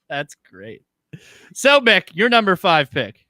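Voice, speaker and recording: A male podcast host with a high, bright, sharp voice that swings all over as he teases his co-host. The sound is dry and close. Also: no echo. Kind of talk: casual podcast banter.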